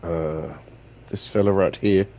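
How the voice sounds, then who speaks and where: A man's voice: low-pitched, fairly even intonation, takes it slowly, warm tone, slight background noise. A man playing in a tabletop game, talking through his moves in an easygoing, wry way. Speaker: player. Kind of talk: casual tabletop game chat.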